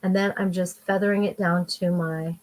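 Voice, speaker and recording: A woman's voice: lowish voice, fairly even intonation, normal speed. A middle-aged woman giving a chatty, enthusiastic makeup tutorial while she applies her eyeshadow. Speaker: makeup vlogger.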